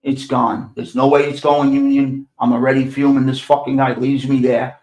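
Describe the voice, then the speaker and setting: A man's voice: mid-range voice, level tone, moderate pace, a little mellow. New york guy, older, swears a lot, sarcastic, repeats himself, echoey room. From New York City. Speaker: podcast host. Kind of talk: profane storytelling monologue.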